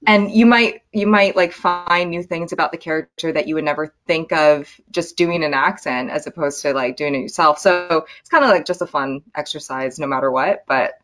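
A woman actress as interview guest, talking in a relaxed, friendly way with plenty of "like" and "um". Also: deep voice, normal speed, hardly any pauses. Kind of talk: casual interview chat.

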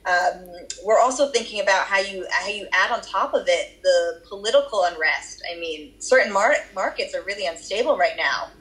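A woman's voice: medium pitch, animated, normal speed, hardly any pauses, fairly bright tone, rough recording. A woman with a Boston accent answering interview questions about her research, explaining at length with occasional fillers. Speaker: research guest.

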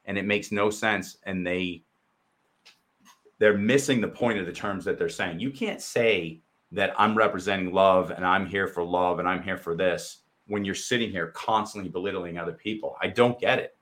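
A man with a very deep, low voice talks bluntly and with real heat as a co-host. He swears freely and slips into mocking quoted asides to make his points. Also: moderate pace, a bit bright. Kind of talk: heated casual discussion.

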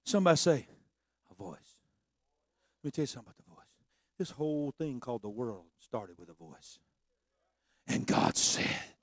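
A man preaching a sermon, swinging from low conversational talk to shouted, sung preaching. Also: sing-song, normal speed, long pauses, dry recording, studio quality, faint music behind.

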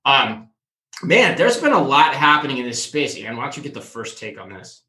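Bright-voiced man in an echoey room. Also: medium pitch, normal speed. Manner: animated, jokey, talks in bursts. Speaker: co-host of a retail news show. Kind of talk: casual news discussion.

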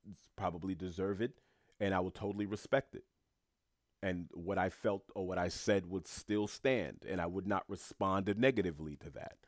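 A man's voice: low voice, no echo, clean studio sound. A man hosting a podcast episode, talking casually and earnestly to his listeners, often restarting and repeating words. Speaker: podcast host. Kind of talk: casual monologue.

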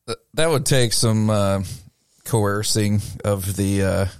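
A man co-hosting a casual chat who gives short, wry answers with a dry sense of humor. His voice is on the low side. The recording is close and dry, with no room echo. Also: slow pace, smooth. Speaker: show co-host.

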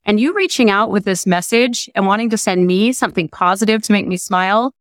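A woman's voice: mid-range voice, brisk, no room sound. Woman guest telling a story, gushy and chatty, mid voice, dry close mic. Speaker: guest, nonprofit co-founder. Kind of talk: casual interview chat.

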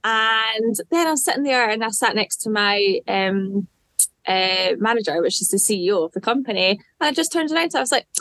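A woman's voice: mid-range voice, a little fast, dry recording. A young woman from Scotland, telling the story of her proposal in casual chat, laughing and acting out her own lines. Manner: lively, laughing, quotes herself. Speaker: bride-to-be guest.

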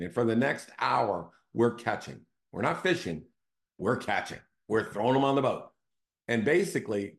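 Low-voiced man telling a story. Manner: conversational, often checks in with "right?". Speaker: real estate team CEO hosting a show. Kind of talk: casual storytelling monologue.

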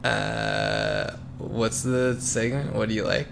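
A man's voice: fairly low pitch, fairly even intonation, slow, vocal fry, fairly bright tone, a little hiss or hum. A man in his thirties co-hosting a podcast, rambling in casual chat with dry joking asides. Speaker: podcast co-host.

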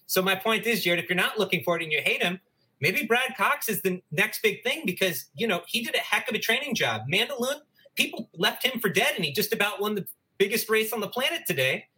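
A man's voice: high voice, big pitch swings, fairly quick, pushed and bright. A man co-hosting a racing podcast, giving upbeat, persuasive analysis in a casual chat. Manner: upbeat, persuasive, making points. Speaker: podcast co-host.

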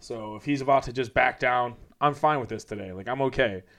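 A man's voice: medium pitch, brisk, fairly bright tone. A man in casual chat telling a story loosely, full of fillers like "like".

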